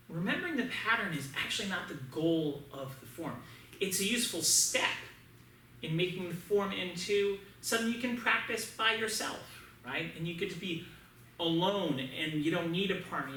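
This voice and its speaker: A man's voice: high voice, sharp tone. Man, martial arts instructor, kids' class, upbeat coaching, echoey room, faint background noise. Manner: upbeat, coaching, often checks in with "right?".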